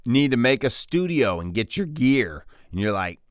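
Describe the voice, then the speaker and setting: A man's voice: mid-range voice, very animated, normal speed, no room sound, clean studio sound. A male voiceover coach giving a casual online tutorial, upbeat and slangy, joking as he talks straight to the viewer.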